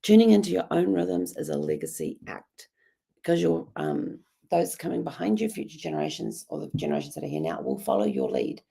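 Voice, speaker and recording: A woman with a hoarse, croaky voice who coughs now and then, hosting a casual daily journaling vlog in a rambling, chatty way. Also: deep voice, wildly swooping pitch, fairly quick, warm tone. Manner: rambling, chatty, many ums. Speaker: host.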